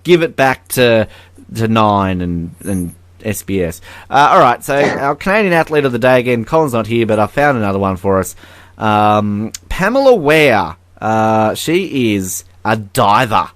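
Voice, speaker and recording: A man's voice: on the low side, animated, a little slow, a bit bright, dry recording. An Australian man co-hosting a sports podcast, ranting in casual chat with bursts of laughter. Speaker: podcast co-host.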